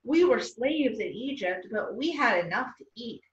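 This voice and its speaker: Whiny accusing wanderers voiced by a woman, raised pitch, storybook, echoey. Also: lively intonation, moderate pace, slight background noise, lightly acted. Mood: complaining. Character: hungry, thirsty, complaining crowd of wanderers. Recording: echoey room, far off, dull sound.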